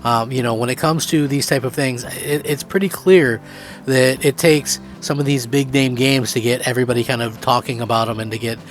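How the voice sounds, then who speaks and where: A man hosting a gaming channel, giving excited, rambling opinion commentary with lots of fillers. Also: mid-range voice, brisk, faint music behind.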